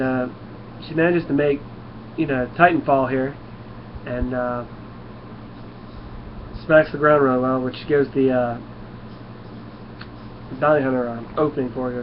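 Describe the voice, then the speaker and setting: A man's voice: medium pitch, lo-fi sound, noisy background. A man casually reviewing a comic book, talking in a loose, rambling way and sometimes tripping over words.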